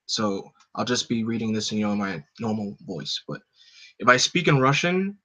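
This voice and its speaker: A man's voice: on the low side, sing-song, normal speed, sharp tone. Chatty man reading a comic aloud. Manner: chatty, with fillers and self-corrections. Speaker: reader of a live read. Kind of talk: casual asides during a comic live read.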